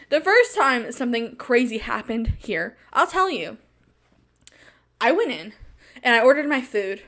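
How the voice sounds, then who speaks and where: A woman's voice: on the high side, a bit bright. A young woman hosting a podcast, telling a story in a casual monologue, dramatic and laughing often as she repeats phrases for emphasis. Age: young adult. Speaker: podcast host.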